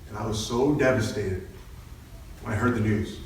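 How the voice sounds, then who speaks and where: A man's voice: on the low side, moderate pace, a little hiss or hum. A young man giving an earnest personal speech, telling his own story to a meeting. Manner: earnest, storytelling, quotes himself and others. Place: meeting hall. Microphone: far from the microphone. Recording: very echoey hall from far off.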